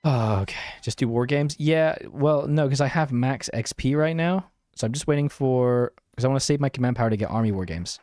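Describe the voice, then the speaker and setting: A man's voice: mid-range voice, a little fast, hardly any pauses, a little mellow, no echo. Young man, casual game streamer, self-deprecating chatter, dry booth-like sound. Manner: self-mocking, chatty, reads and answers chat. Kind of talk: casual live-stream gameplay chat.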